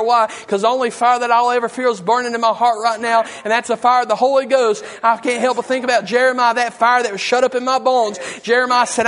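High-voiced preacher. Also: male voice, a bit bright. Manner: impassioned, repetitive, emotional preaching. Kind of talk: fervent sermon.

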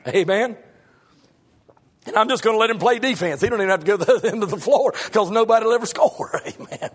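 A middle-aged man preaching a sermon in a strikingly high voice. He talks in a folksy way, breaking into shouts and then dropping to low asides. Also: fairly quick, breathy edge.

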